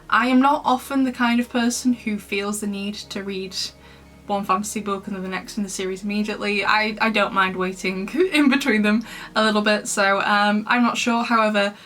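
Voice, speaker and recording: A young woman with a mid-range, fairly bright voice gives a casual book review, chatting about what she's read. She giggles often and rambles with lots of fillers.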